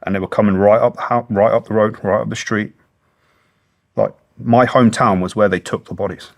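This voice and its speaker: Earnest, low-voiced British man. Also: fairly even intonation, a little fast, vocal fry. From Britain. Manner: earnest and plain-spoken, swears freely. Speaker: guest, former special forces soldier. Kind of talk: long-form interview storytelling.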